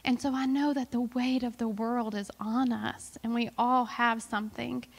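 A woman with a somewhat high voice giving an earnest, emotional testimony to a church, chatty and full of fillers. Her voice rings with the long reverb of a large church hall. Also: fairly even intonation, moderate pace. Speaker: missionary guest speaker.

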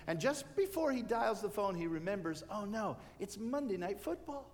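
A man's voice: high voice, sing-song, normal speed. A man preaching a sermon, telling a story and acting out the lines of the people in it. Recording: hall reverb.

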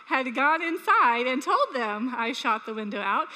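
A woman preaching a sermon, telling a story from her own childhood with animated, earnest appeals to the congregation. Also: high-pitched, a little slow. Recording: long hall reverb.

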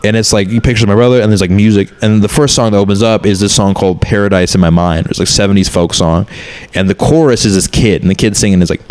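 A man's voice: lowish voice, fast, a little mellow. A man in his thirties, a comedian, talking candidly and rambling in a casual chat, swearing often.

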